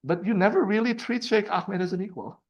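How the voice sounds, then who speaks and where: A man's voice: high-pitched, brisk, darkish tone, highs cut off. Man lecturing with rhetorical questions. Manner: conversational, asks rhetorical questions, reads passages aloud. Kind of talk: university seminar lecture.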